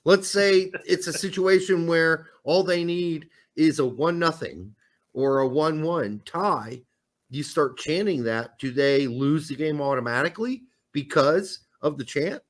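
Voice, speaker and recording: A man co-hosting a casual sports talk show, joking and animated as he talks. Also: a little high, measured pace. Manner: lively, joking, animated delivery. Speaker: podcast co-host.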